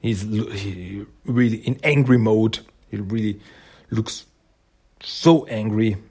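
A man's voice: lowish voice, steady tone, takes it slowly, darkish tone, slightly rough. A man casually recapping a comic book's story, rambling with many fillers and acting out the characters' lines. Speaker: comic book reviewer.

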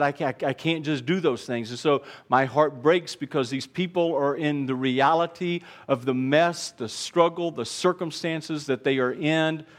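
A man preaching a sermon as pastor, earnest, dropping quiet and then rising to emphatic repeated lines. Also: fairly high pitch.

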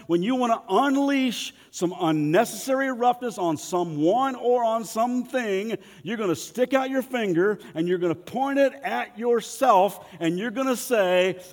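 A man's voice: a little high, long reverb tail. A man preaching a sermon in a folksy, humorous way, asking the congregation to respond and speak along. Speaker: pastor.

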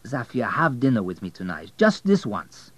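A man's voice: medium pitch, expressive, normal speed, no room sound, lightly acted. An ambitious young immigrant hotelier, eager and pressing, as a male audiobook narrator reads him. His voice sits in an everyday middle range. The sound is dry and close.

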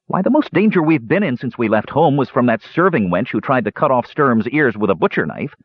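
A man's voice: mid-range voice, sing-song, fairly quick, no echo, muffled recording, pitched above the performer's own voice. A man doing a peevish young mage. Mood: irritated. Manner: peevish, clipped retorts. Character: young male mage, irritable and proud.

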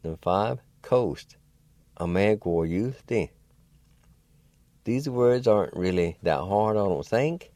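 A man teaches vocabulary over the radio, spelling each word out letter by letter at a very slow, patient pace. His voice sits low and mellow, and he encourages listeners in a folksy manner. The studio sound is dry and close. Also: animated, dry recording. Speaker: radio host and language teacher. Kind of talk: radio language lesson.

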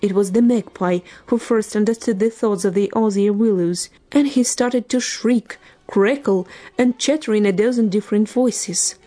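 Female narrator for a fable, mellow, expressive, with soft music under. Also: mid-range voice, moderate pace, few pauses. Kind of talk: storybook narration.

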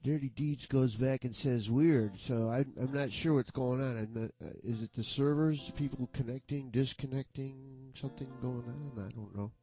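A man hosting an online music jam, chatting casually in a rambling, halting way with frequent restarts and chuckles. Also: medium pitch, warm tone. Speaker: online jam session host. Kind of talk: casual chat.

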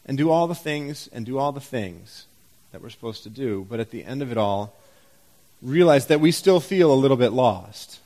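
A man's voice: mid-range voice, expressive, moderate pace, a little mellow. A man pastor giving a sermon in a church, conversational and full of rhetorical questions and wry humor.

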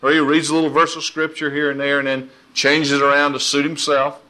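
Folksy male preacher, slightly high, bright and punchy voice, animated. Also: brisk. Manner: folksy, animated, laughs often. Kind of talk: informal sermon.

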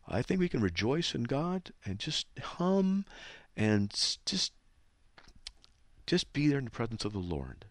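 A man's voice: mid-range voice, dry recording, clean studio sound. A man hosting a radio Bible talk, reading scripture aloud and then pressing his point with pointed rhetorical questions. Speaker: radio host.

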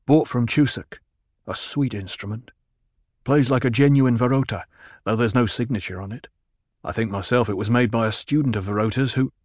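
A man voicing a loyal veteran warrior-minstrel who speaks in a halting, pleading way. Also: mid-range voice, a little mellow, no room sound, clean studio sound, close to an everyday voice. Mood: wistful. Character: grizzled male warrior-minstrel, loyal, brokenly emotional.

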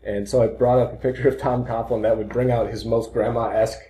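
A man with a mellow, dark-toned voice co-hosts a casual podcast, riffing with dry, self-mocking humor. The room around him adds a clear echo. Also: medium pitch, level tone, fairly quick, slight background noise. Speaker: podcast co-host. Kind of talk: casual sports chat. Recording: roomy echo.

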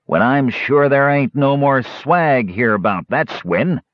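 A man's voice: medium pitch, animated, slow pace, no echo, lo-fi sound, pitched above the performer's own voice. A man voicing a cruel, greedy bandit leader who talks in a coarse, threatening way. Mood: menacing.

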